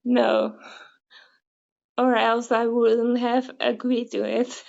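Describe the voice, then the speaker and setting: A woman's voice: a little high, level tone, slow pace, creaky, a little mellow, highs cut off. A woman from the Netherlands hosting a casual interview over a video call. She asks short questions and laughs often. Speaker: interviewer, host.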